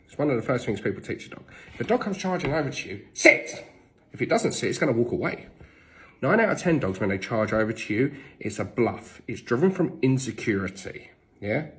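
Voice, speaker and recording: An English man gives dog-training advice to camera. His voice sits at an ordinary middle pitch, and he talks in a blunt, emphatic way. He drops in casual swearing as he lays down the rules. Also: sing-song, a little fast. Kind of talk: instructional tips to camera.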